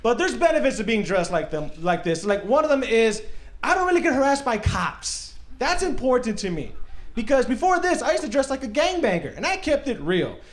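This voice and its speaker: A young man from Texas doing a stand-up comedy set on a club stage, self-mocking, with loud bursts for acted bits. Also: extremely high pitch, sing-song, fairly quick. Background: audience laughter.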